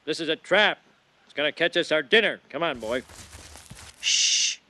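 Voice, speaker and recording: A man's voice: a little high, lively intonation, moderate pace, pushed and bright. An actor playing a gullible, bumbling middle-aged cartoon father who is easily swayed. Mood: confident. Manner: dim, easily swayed, blustering. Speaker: cartoon character.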